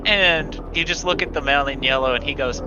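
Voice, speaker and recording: A man's voice: fairly high pitch, fairly quick, background noise. Man game master narrating a tabletop game. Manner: laughs through narration, restarts words. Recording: dull lo-fi stream audio. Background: background music.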